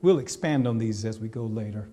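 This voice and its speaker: A man's voice: fairly low pitch, brisk, mellow. A male pastor preaching a sermon in a church sanctuary, talking straight to the congregation in a conversational, teasing way. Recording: long reverb of a church hall.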